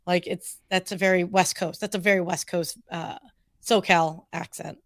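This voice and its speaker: A woman hosting a casual live chat, talkative and quick to laugh. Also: fairly low pitch, fairly even intonation, fairly bright tone, no echo, clean studio sound. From Southern California. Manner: chatty, laughs often, plays with slang. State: a little tired. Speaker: host.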